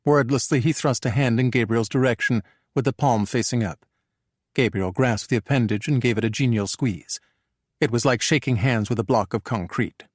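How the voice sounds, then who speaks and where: A man narrating a thriller audiobook in a measured, even storytelling manner. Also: mid-range voice, dry recording, studio quality.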